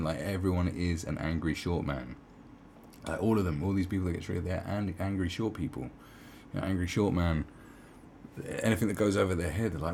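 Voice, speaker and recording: Deep-voiced sarcastic man. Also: fairly quick, gravelly, darkish tone, a little hiss or hum. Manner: sarcastic, swearing, mocking asides. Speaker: online commentator. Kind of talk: casual commentary reading an article aloud.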